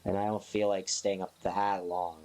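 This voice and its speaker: A man chatting casually on a live stream, sleepy and yawning, rambling slowly in a playful, offhand way. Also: low-pitched, little pitch movement, a little mellow.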